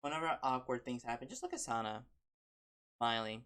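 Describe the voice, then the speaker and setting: Low-voiced rambling woman streamer. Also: expressive, brisk, fairly bright tone. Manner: rambling, self-correcting, lots of "like". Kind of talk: casual gameplay chat.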